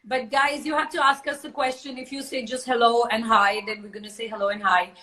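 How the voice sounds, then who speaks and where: A woman's voice: a little high, steady tone, brisk, crowd noise, rough recording. A woman in her forties hosting a casual live chat on a phone, telling a story in a chatty way with many fillers. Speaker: live stream host.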